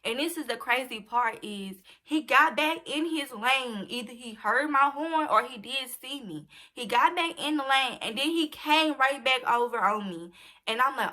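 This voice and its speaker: Bright chatty young woman vlogger. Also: on the high side. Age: young adult. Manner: chatty, addresses viewers directly as y'all. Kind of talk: casual storytime.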